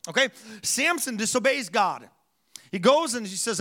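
High, bright-voiced pastor preaching. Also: male voice, sing-song, moderate pace. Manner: conversational, questions the congregation. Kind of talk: sermon.

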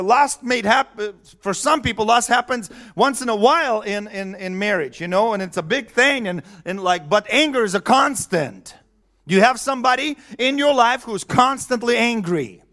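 A man's voice: high voice, fairly bright tone. A man preaching a sermon in a conversational way, chuckling often and asking the audience questions.

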